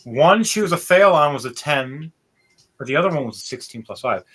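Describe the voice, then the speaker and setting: Game master, male, lively storyteller, bright voice. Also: on the high side, husky. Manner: animated, laughs often, does quick voices. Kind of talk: narrating a tabletop game.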